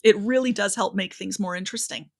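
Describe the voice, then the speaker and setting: A woman guest on a podcast, giving speaking advice in an animated, expressive way with lots of pitch variation. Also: quick pace, creaky.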